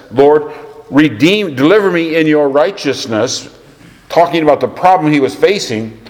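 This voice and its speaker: A man preaching a sermon, telling stories and quoting scripture, sometimes dropping his voice to a near whisper. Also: medium pitch. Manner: storytelling, drops to a near whisper at times. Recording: echoey hall with long reverb.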